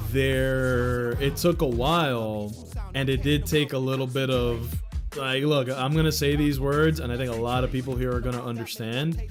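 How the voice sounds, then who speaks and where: A man in his thirties from New York, chatting candidly and rambling on a livestream, swearing casually as he talks. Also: medium pitch. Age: 30s. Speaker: livestream host.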